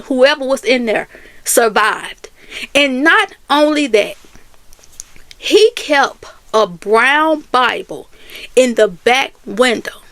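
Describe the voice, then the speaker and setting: A high-pitched woman tells a personal story straight to her viewers, animated and chatty. The sound is dry and close, with no room echo. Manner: animated, Southern US Black vernacular phrasing, addresses viewers as y'all. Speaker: vlogger telling a story. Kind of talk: casual storytelling to camera.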